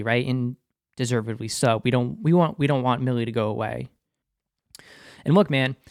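A medium-pitched man with a Boston accent hosts a casual, excited episode review, recorded in a clean studio with no room sound. He's a TV review host who sometimes refers to himself in the third person by his show name.

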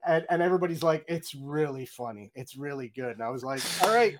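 A man's voice: medium pitch, crowd noise. A middle-aged man, a game audio director, chatting in an interview and acting out his own reactions in quoted lines. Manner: fast, chatty, many "you know"s and restarts. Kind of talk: candid interview storytelling.

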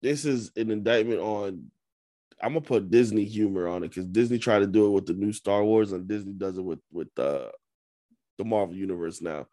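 A man's voice: on the low side, a little fast, dark tone, no echo. A man co-hosting a podcast, chatting casually with a skeptical, teasing edge. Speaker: podcast co-host. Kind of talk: casual chat.

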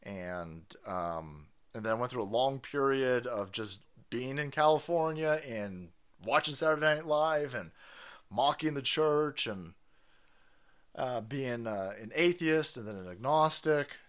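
Animated, foul-mouthed man with a lively voice. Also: mid-range voice, measured pace, clean tone. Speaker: live-stream host reading viewer chats. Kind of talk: casual profane rant.

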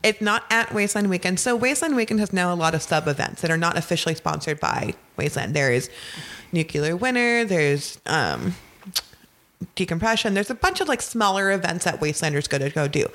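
A woman's voice: on the low side, expressive, fairly quick, fairly bright tone. A woman talking as a podcast guest in casual chat, blunt and profane, laughing often as she explains. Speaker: guest, festival veteran.

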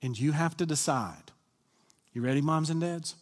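A man's voice: on the high side, moderate pace, in a large hall. A man, a senior pastor, giving a conversational sermon and often asking the congregation questions. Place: church sanctuary.

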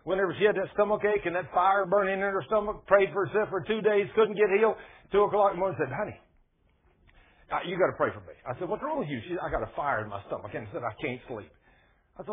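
A man preaching a sermon in a folksy, colloquial way, telling animated personal stories to his listeners. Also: high voice, fast, slightly rough. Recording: tinny phone-like radio broadcast.

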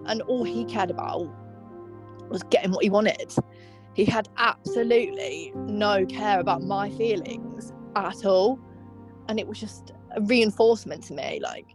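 A young woman, speaking as an interviewee and recounting painful memories in a halting, emotional way with many pauses and fillers. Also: mid-range voice. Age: young adult. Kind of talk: personal testimony interview.

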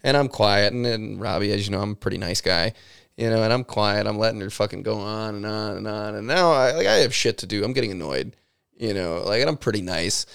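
A man's voice: on the low side, a little fast, vocal fry, a bit bright, clear, resonant tone. A man who co-hosts a podcast and owns a shop, telling rambling anecdotes in casual chat and swearing freely. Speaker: store owner, podcast co-host.

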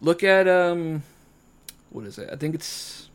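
A man's voice: fairly high pitch, animated, slow, clear, resonant tone. A young American man from Florida hosting a podcast, chatting casually, laughing often and slipping into joking voices. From Florida, United States. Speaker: podcast host. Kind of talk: casual chat.

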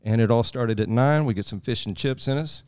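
A man's voice: medium pitch, fairly quick, a little mellow, smooth. A man from Texas, telling a rambling, folksy travel story as a podcast guest. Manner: rambling, folksy, chuckling asides. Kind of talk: casual storytelling.

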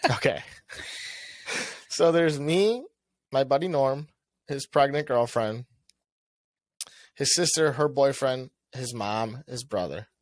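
A young man co-hosting a podcast, telling a story in casual chat. He swears a lot and acts out what he said with a rising, animated voice. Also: mid-range voice, slow, long pauses, no echo. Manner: animated, swears often, acts out his own lines with a rising voice. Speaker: podcast co-host.

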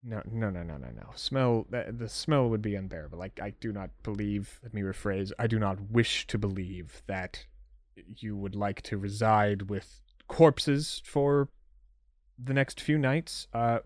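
Formal, disapproving vampire lady voiced by a man, quiet and measured, dry close sound. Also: lowish voice, no echo, close to an everyday voice. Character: poised elegant vampire woman, disapproving.

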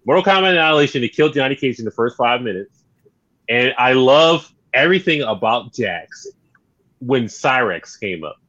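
An animated man chatting about movies with friends. His voice swings up and down in pitch, and the recording sounds dull and lo-fi. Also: normal speed. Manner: animated, laughing, quotes movie lines in put-on voices. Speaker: podcast co-host. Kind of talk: casual roundtable chat. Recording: dull lo-fi audio.

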